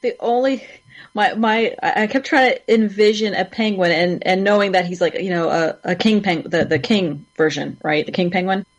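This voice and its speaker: A woman joins a casual review panel and talks in a chatty way, stumbling over her first words before finding her point. Her pitch sits in the middle range. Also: moderate pace, highs cut off.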